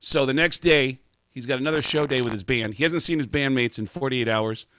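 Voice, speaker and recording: A male comedian telling a story as a radio guest, animated and full of quick restarts. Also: mid-range voice, slight background noise. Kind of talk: radio talk show storytelling.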